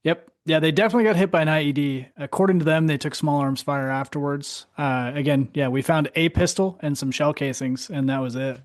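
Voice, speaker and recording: A man telling a war story in casual chat, animated, laughing often and cursing freely. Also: a little high, a little fast, few pauses, no room sound, clean studio sound. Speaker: podcast host, Marine veteran.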